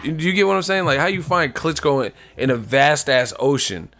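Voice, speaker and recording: A man's voice: fairly high pitch, expressive, brisk, a bit bright. Young guy on a boxing livestream, joking and swearing a lot, rambles, faint music behind. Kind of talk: casual livestream chat.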